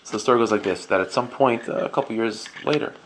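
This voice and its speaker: A man's voice: on the low side, quick pace. A man giving a casual storytelling sermon, speaking loosely with many fillers and Hebrew and Yiddish terms. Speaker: rabbi giving a talk. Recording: noisy recording.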